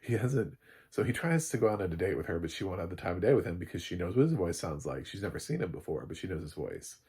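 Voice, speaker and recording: A man giving a casual, rambling film recap, full of fillers and quick laughs. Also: deep voice, big pitch swings, darkish tone, husky. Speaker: film reviewer.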